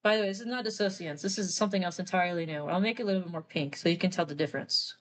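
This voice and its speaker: A woman's voice: lowish voice, racing. A woman artist on a live stream, explaining story lore in a chatty, rambling way, often correcting herself. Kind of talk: casual live-stream chat.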